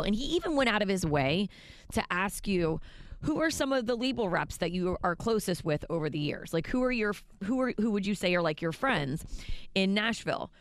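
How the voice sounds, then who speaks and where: A woman's voice: medium pitch, no echo. Teasing radio co-host woman. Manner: teasing, exasperated. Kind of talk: morning radio banter.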